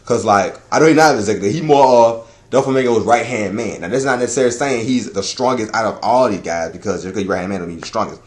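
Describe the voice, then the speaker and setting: A man giving a casual chapter review, talking in a loud, profane, rambling way that is full of laughter. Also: on the low side, fast talker. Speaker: anime and manga reviewer.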